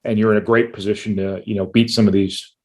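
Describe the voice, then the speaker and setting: Low-voiced man analyzing football. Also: level tone, fast, a little mellow. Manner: analytical, with occasional dry jokes. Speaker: sports writer panelist. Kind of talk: sports talk show discussion.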